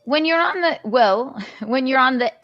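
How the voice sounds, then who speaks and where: A woman chatting as a podcast guest over a video call, animated and rambling, with frequent restarts and laughs. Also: high-pitched, moderate pace, no room sound. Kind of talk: casual chat. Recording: dull lo-fi audio.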